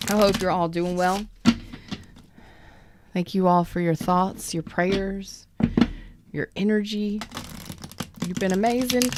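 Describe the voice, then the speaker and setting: A woman giving a casual live tarot reading, keeping her voice low and soft while she recovers. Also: slow, pauses often, noisy background. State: recovering from an illness. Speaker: tarot reader.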